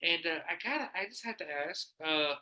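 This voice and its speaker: A man's voice: a little high, expressive, brisk, bright, forceful tone, poor audio. A man hosting a podcast, telling a rambling, profane story in casual chat, laughing often and acting out what people said. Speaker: podcast host.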